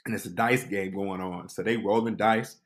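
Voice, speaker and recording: A man hosting a podcast, telling a comic personal story with animated delivery, acting out voices. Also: lowish voice, normal speed. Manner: animated, acts out voices and quotes. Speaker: podcast host.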